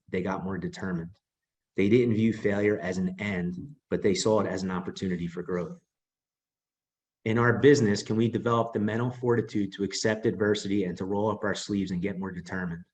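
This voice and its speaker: A man's voice: on the low side, rough recording. A man with a New York accent, giving an earnest motivational talk full of rhetorical questions. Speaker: team leader giving a talk.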